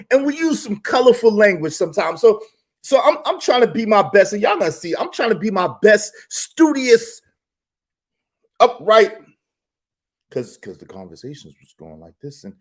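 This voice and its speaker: A man hosting a casual live stream, telling a story in an animated, slangy style with lots of repetition. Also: high voice, a little fast. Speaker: YouTube live stream host.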